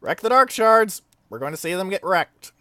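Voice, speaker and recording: A man giving casual, excitable commentary over his own gameplay, swearing freely and breaking into silly sing-song chants. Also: high-pitched, moderate pace. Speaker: video game let's play host. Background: game music.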